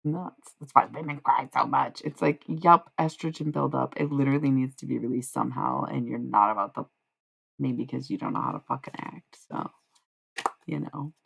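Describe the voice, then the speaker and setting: A woman's voice: a bass voice, normal speed, vocal fry, husky, poor audio. A woman live-streaming casual spiritual readings, rambling and swearing freely as she answers chat.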